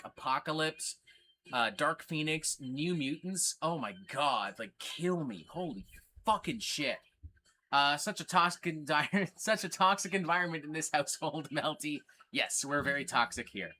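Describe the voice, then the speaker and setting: A man's voice: fairly high pitch, animated, a little slow, bright, forceful tone, a little hiss or hum. Profane, rambling male streamer. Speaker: livestream host. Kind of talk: casual livestream chat. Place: record store.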